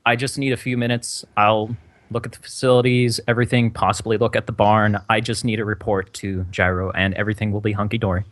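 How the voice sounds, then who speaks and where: A man playing a polite male inspector who talks haltingly with lots of ums. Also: fairly low pitch, little pitch movement, a bit bright, dry recording, natural voice.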